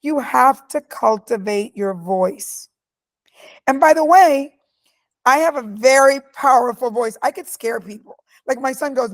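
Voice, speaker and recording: A middle-aged woman in an interview, telling stories about her life with emphatic, forceful delivery. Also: high voice, measured pace. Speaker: guest speaker. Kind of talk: candid interview answers.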